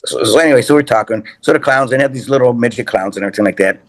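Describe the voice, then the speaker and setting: A man's voice: medium pitch, rapid-fire. An older man, a TV personality, in casual chat, rambling through anecdotes with restarts and repeated phrases. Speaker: guest, TV personality.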